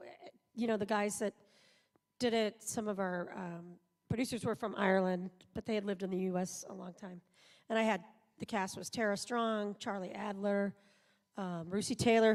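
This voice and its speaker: A woman voice actor telling rambling anecdotes at a live panel interview in a large convention auditorium. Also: mid-range voice. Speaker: voice actor guest. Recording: live hall sound, long reverb.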